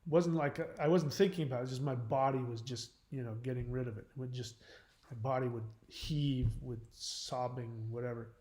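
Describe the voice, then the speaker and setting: A man's voice: mid-range voice, fairly even intonation, normal speed, darkish tone. A man hosting a live-stream advice talk, speaking bluntly and frankly in a loose, rambling way. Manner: loose, rambling delivery with many fillers and restarts. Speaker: channel host on relationships and codependency. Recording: roomy echo.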